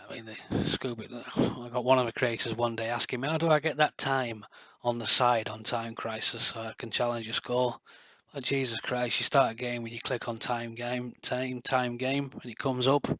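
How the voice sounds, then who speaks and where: A man's voice: mid-range voice, little pitch movement, normal speed, few pauses, fairly bright tone, no echo. A middle-aged man, a light gun builder talking to camera in a passionate, boastful, rambling way full of fillers. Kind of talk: casual rambling talk to camera.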